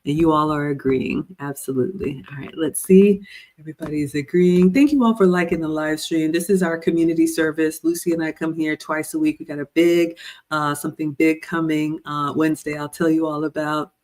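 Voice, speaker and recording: A woman's voice: low voice, fairly even intonation, brisk, a little mellow. A woman in her forties hosting a livestream, reading viewer comments aloud and riffing on them in casual chat. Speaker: livestream host.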